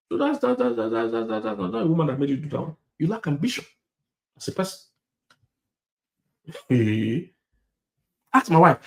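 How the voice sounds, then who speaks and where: Animated male preacher in an echoey hall. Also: fairly high pitch, vocal fry. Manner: animated, repeats lines, laughs, swings between loud and hushed. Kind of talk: sermon.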